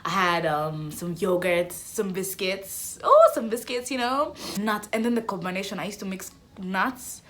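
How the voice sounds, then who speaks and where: Animated young woman telling a story. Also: mid-range voice, unhurried, hardly any pauses. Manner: animated, dramatic, laughing a lot. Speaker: vlogger. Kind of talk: storytime vlog.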